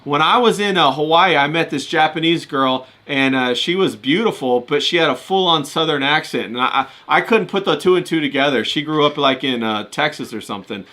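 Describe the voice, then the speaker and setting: A man's voice: on the high side, expressive, sharp tone. A man chatting casually on a podcast, easygoing and agreeable, telling travel stories. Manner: easygoing, agreeable, quick to laugh along. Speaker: podcast co-host. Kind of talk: casual chat.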